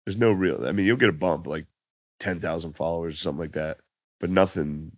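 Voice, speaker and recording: A man telling laid-back, profane stories as a comedian guest on a podcast, his voice going hoarse. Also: low-pitched, a little fast, dry recording, clean studio sound. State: losing his voice. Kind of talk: casual podcast chat.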